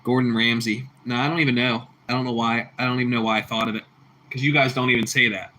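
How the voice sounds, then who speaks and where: A man chatting on a casual livestream with a bright, forceful voice. He talks in loose, repetitive bursts and laughs easily. He calls his viewers bro and bucko. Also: mid-range voice, fairly even intonation, fast talker, a little hiss or hum. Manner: laughs a lot. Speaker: livestream host reading chat.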